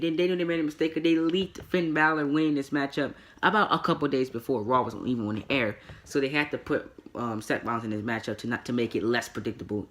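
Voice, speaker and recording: A man's voice: medium pitch, a bit bright. A man reviewing a wrestling show in a casual solo vlog, rambling and opinionated, repeating his words and chuckling often.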